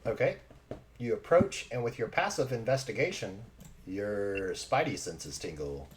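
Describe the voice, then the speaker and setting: Guy gm narrating the game over a call, lively, little bit of hiss behind him. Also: lowish voice, unhurried. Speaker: game master. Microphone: online voice call.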